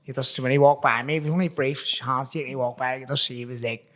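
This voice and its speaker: A man's voice: medium pitch, fairly even intonation, quick pace, a bit bright. Nostalgic Belfast man, rambling chat. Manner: rambling, nostalgic, uses slang like "wee" and "crack". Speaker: podcast host. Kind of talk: casual chat.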